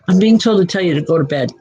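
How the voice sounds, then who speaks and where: A woman working as a psychic medium, giving live spirit readings in a reassuring way, often breaking into soft laughter. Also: lowish voice, highs cut off.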